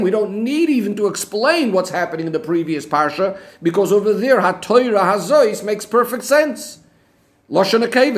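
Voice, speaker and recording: Guy a high voice teaching a torah text, keeps asking why and answering himself. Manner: questioning, methodical, rhetorical back-and-forth. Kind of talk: Talmudic-style text analysis lesson.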